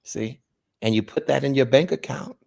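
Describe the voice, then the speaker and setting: A man's voice: medium pitch, normal speed, gravelly, a little mellow. A man co-hosting a casual chat, talking with a loose, repetitive flow. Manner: conversational, repeats words as he goes. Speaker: co-host.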